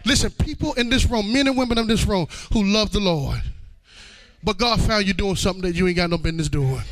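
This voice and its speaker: A pastor in his forties preaching a shouted call-and-response sermon in a church, with a rhythmic cadence and an "uh" before each phrase. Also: high-pitched. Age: 40s. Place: church sanctuary.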